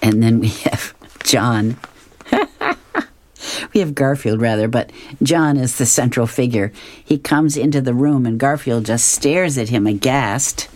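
A woman's voice: a bass voice, measured pace, darkish tone. A woman reading comic strips aloud, amused and chuckling between them.

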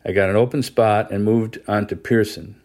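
A man reading a first-person novel aloud as an audiobook narrator, steady and measured. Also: on the low side. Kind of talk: scripted narration.

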